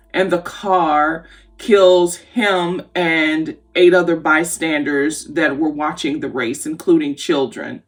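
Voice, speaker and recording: A woman giving a casual spoken film review, candid and opinionated, talking conversationally with restarts. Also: lowish voice. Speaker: movie reviewer. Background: faint background music.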